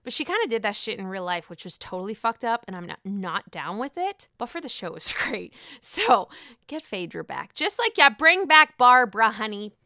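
A woman giving casual, blunt commentary, full of swearing and animated outbursts. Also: medium pitch, normal speed, no echo, studio quality. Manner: blunt, profane, animated rant.

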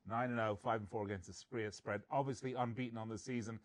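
A man's voice: fairly low pitch, fairly even intonation. Joking man reading betting stats. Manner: joking, reads stats quickly. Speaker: sports betting podcast host. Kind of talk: casual sports betting chat.

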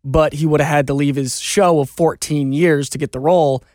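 A man's voice: a little high, fairly even intonation, moderate pace, a little mellow, no room sound, studio quality. A man joining a podcast conversation, chiming in with short asides and trivia. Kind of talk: casual chat.

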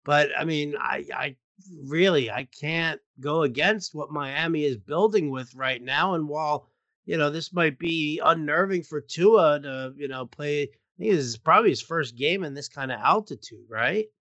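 A man's voice: a little high, moderate pace, sharp tone, no echo, highs cut off. A man hosting a casual sports betting talk show, talking loosely with frequent restarts. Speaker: sports betting podcast host.

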